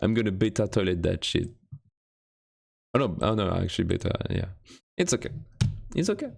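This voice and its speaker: A gravelly, low-voiced man chatting on his game-dev live stream from a desk mic at home. His pitch leaps all over as he swings between mumbled asides and excited squeals, always mocking himself. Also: fairly quick. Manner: animated, self-mocking, jumps between mutters and squeals. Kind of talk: casual live-stream chat.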